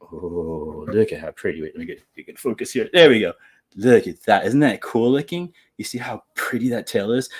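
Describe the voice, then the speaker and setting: A man presenting zoo animals in a live educational show, talking in a chatty, enthusiastic way with fillers and laughs. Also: mid-range voice.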